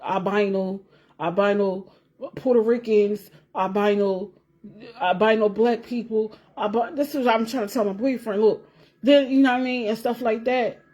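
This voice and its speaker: A woman vlogger with a somewhat high voice talks straight to her viewers in a loose, casual chat. She rambles, circles back to repeat herself, swears freely and laughs as she talks. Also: moderate pace, darkish tone.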